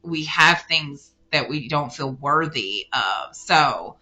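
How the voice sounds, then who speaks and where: A woman's voice: sits low, lively intonation, takes it slowly. A woman giving a casual spiritual card reading, rambling and correcting herself as she speaks straight to the listener. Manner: rambling, self-correcting, warm addressing of listener. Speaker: tarot card reader.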